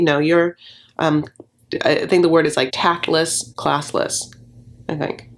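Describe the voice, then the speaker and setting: A woman's voice: low voice, a little slow. A woman dishes on a reality show in a sassy, campy way and calls her viewers "honey" all the time. She slips into little put-on voices to act out what people said. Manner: acts out quotes in put-on voices. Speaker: reality TV recap commentator. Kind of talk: casual commentary.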